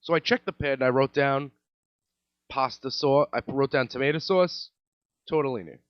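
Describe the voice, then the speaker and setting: A man's voice: mid-range voice, moderate pace, dry recording. A man in his thirties, a podcast host telling comedic stories in a profane, exasperated rant. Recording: dull lo-fi, dry.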